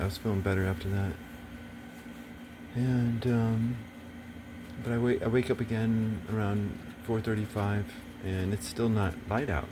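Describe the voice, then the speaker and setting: A man with a fairly low voice rambles through a casual monologue, swearing freely and slipping into agitated, preachy stretches. Steady noise and passing vehicles sit behind him.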